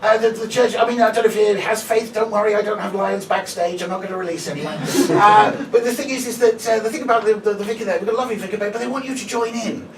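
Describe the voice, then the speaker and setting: A man's voice: sits high, fast talker, few pauses. A male comedian doing live stand-up, chatty and sweary, bantering with the audience. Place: small live comedy venue. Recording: echoey room, distant mic, loud ambient noise.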